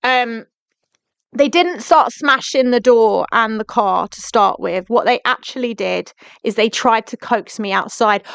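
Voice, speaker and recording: A woman's voice: a little high, unhurried, creaky, a bit bright, clean tone, no room sound. A young woman ranting on a live stream, firing indignant questions at viewers by name. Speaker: livestreamer. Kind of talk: angry live-stream rant.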